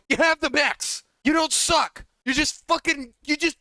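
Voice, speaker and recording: A man's voice: extremely high pitch, expressive, bright, forceful tone, dry recording. A man coaching players, ranting in an exasperated way, swearing and repeating himself. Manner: profane, exasperated, rapid repetitive ranting. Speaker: game coach. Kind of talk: coaching session rant.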